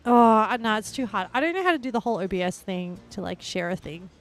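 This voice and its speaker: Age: young adult. Role: game streamer. Style: rambling casual chat. Pitch: mid for a woman. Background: faint music. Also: fast talker. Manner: chatty and rambling, heavy on "like" fillers; bursts into excited squeals and laughs.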